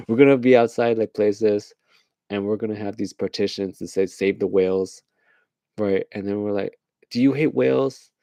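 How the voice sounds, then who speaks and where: A man's voice: fairly low pitch, flat delivery, measured pace, pauses often, dark tone, no echo. A man hosting a late-night casual rant, rambling along, laughing at his own jokes and acting out little voices. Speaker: host.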